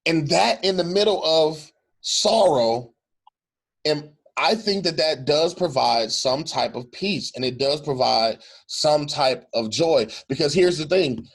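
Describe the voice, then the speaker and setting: A man's voice: on the high side, animated, slow pace, breathy edge. A middle-aged male pastor talking earnestly in a reflective conversation, repeating phrases for emphasis.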